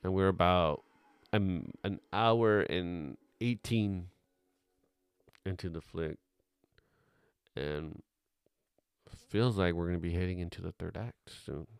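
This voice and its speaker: Low gravelly man rambling through commentary. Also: slow, pauses often, dry recording. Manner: rambling, offhand, swears casually. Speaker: film commentary host. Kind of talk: casual movie commentary.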